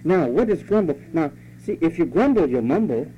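A man's voice: a little high, very animated, moderate pace. A pastor preaching a sermon, scolding his congregation in a conversational way and mimicking their complaints. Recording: dull lo-fi recording with faint hum.

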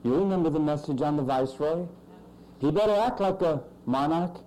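Man preaching, mellow raised voice. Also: fairly quick, low-quality recording. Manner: emphatic preaching with sudden swings in pitch and loudness. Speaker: pastor. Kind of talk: sermon.

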